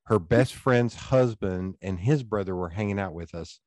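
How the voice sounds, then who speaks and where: A man with a Southern East Tennessee accent, hosting a podcast and telling animated stories in casual chat, swearing freely. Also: fairly low pitch, normal speed, no room sound. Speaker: podcast host.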